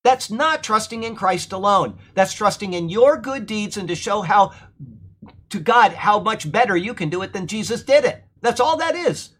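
A man's voice: high-pitched, lively intonation, normal speed, a bit bright. Man teaching a Bible class. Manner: conversational, often asks "okay?"; swells to emphatic, indignant passages. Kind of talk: sermon-style Bible class. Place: church room during a thunderstorm.

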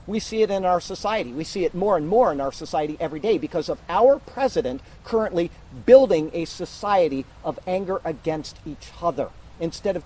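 A man's voice: on the high side, warm tone, slight background noise, rough recording. A man preaching an emphatic sermon, teaching verse by verse to his congregation. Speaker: pastor.

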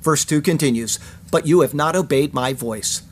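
High-voiced man reading a sermon. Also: slightly rough. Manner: reads scripture aloud, slows down to sound out Hebrew words. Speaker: pastor.

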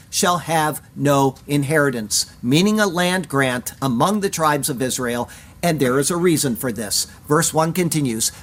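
A man's voice: on the high side, a bit bright. A man teaching a Bible passage verse by verse, earnest and emphatic, reading Hebrew words aloud.

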